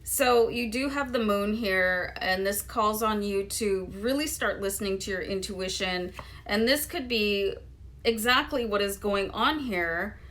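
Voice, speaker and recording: Woman, tarot reader, casual, chatty, rambling, mid-pitched voice. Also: measured pace, a bit bright. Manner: chatty, loose, lots of "you know" and "um". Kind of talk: casual tarot reading to viewers.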